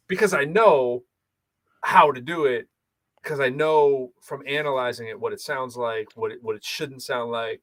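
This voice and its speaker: A man from Boston with a light Boston accent, co-hosting a podcast in casual chat, telling rambling, animated stories full of restarts. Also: medium pitch, dry recording. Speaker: podcast co-host.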